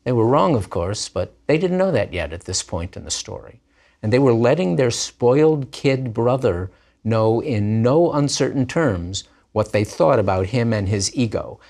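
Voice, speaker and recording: A man teaching a grammar lesson in slow, deliberate speech with playful asides. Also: mid-range voice, expressive, creaky, a little mellow. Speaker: language teacher. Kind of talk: scripted Hebrew grammar lesson.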